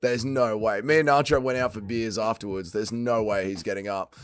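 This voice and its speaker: Australian man, smooth voice, still drunk. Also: lowish voice, fairly even intonation, a little fast. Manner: swearing, laid-back banter with chat. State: still drunk and tired after a late night. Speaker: livestream host. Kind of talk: casual livestream chat.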